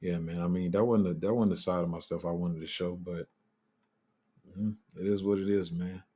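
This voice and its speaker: A man's voice: low voice, fairly even intonation, normal speed, warm tone. A man hosting a casual live crypto Q&A, answering chat in a loose, candid way and trailing off while he looks things up. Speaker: crypto livestream host.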